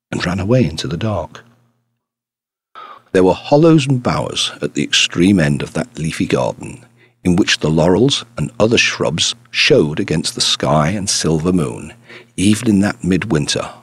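A man narrating a classic detective story audiobook in an expressive storytelling manner. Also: low voice, normal speed, breathy edge, no echo. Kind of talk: scripted narration.

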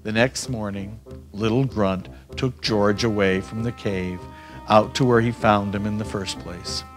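A man reading his own picture book aloud, animated and expressive. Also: lowish voice, measured pace, faint music behind. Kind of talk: storybook read-aloud.

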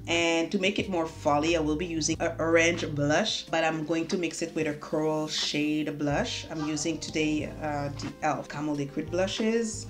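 Chatty woman. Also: deep voice. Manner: chatty, self-mocking, talks while doing makeup. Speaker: beauty vlogger. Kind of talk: casual chatty makeup tutorial. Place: home room. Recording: faint music underneath.

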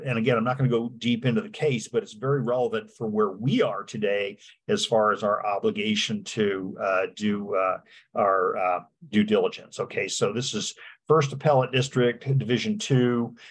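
A man teaching a real estate law class, talking in a halting way with lots of fillers and restarts. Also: medium pitch, husky. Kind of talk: lecture with slides.

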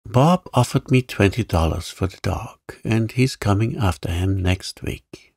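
A man voicing a stern, curt farmer uncle who brooks no opposition, in a calm bedtime story reading. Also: on the low side, measured pace, creaky, husky, no room sound, studio quality, heavily acted.

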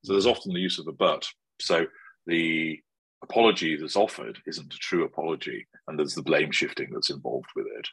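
A man being interviewed, explaining things in a measured, analytical way. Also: very deep voice, gravelly, fairly bright tone, breathy edge, no room sound, poor audio. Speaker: interview guest. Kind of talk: conversational interview.

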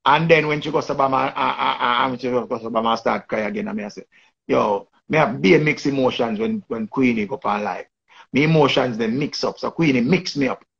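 A man's voice: medium pitch, fairly quick, gravelly, fairly bright tone, breathy edge, highs cut off. A man with a Jamaican accent giving rambling casual commentary in patois, often repeating and restarting his phrases. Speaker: online commentator.

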